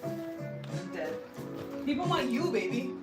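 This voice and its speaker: A woman's voice: a little high, very animated, takes it slowly, rough recording. A woman from the United States hosting a casual live stream from a home kitchen, trading playful teasing banter with her partner. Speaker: livestream host. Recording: guitar music playing behind. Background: guitar music.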